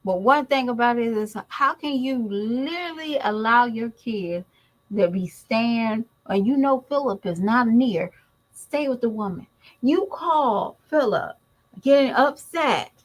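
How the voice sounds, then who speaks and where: A woman holds forth in an opinionated vlog, blunt and emphatic as she talks straight to her viewers. She takes her time, with a slow, deliberate pace that lets each point land. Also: on the high side, low-quality recording. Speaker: mother and YouTube commentator.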